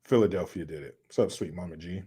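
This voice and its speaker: A man's voice: sits low, quick pace, warm tone, slightly rough. A man hosting a casual livestream, reading viewer comments aloud and ranting with profanity and sarcasm. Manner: profane, sarcastic, mocking impressions. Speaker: livestream host reading chat.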